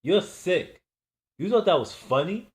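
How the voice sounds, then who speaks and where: A man reading a novel aloud, voicing a frightened, angry young man who shouts and pleads in a high-pitched voice. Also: sing-song, unhurried. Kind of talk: audiobook reading.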